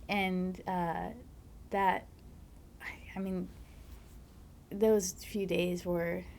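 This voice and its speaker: A woman, a mother, talking as a podcast guest, soft-spoken and halting, with many fillers and breathy, near-whispered stretches. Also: lowish voice, level tone, slight background noise. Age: adult, a mother. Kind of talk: casual conversation, personal storytelling.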